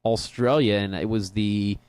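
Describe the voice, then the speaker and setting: Low and fairly even in intonation, his darkish, clean voice moves at a measured pace in a dry recording. He co-hosts a soccer talk show from a studio on headphones. The chat is casual sports talk marked by frequent laughter and rambling restarts.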